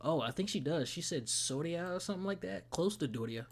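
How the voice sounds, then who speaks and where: A man casually reacting to a game trailer, slangy and excitable, often breaking into laughter. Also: a little high, a little fast, gravelly, music in the background. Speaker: gaming streamer reacting to a trailer.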